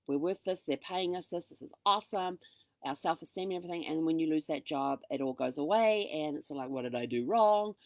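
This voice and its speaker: Middle-aged female host, low voice, dry close sound, animated storyteller who acts out dialogue. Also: no echo. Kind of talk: casual storytelling monologue.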